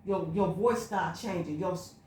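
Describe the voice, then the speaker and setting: A woman's voice: fairly low pitch, moderate pace, a little mellow, a little hiss or hum. A woman vlogging a personal spiritual monologue, telling her story in an emphatic, repetitive, looping way. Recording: echoey room.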